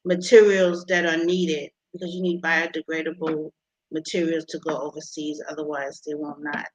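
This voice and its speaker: A woman being interviewed about her invention, talking with many pauses and restarts. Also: sits low, flat delivery, highs cut off. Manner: halting, many ums and restarts. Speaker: inventor guest.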